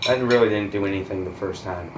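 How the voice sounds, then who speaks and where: A teenage boy trades dry, deadpan sarcasm as a guest on a casual podcast. His voice has a middling pitch and rings in an echoey room, with a faint hiss behind it. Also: fast. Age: teens. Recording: echoey room, light noise.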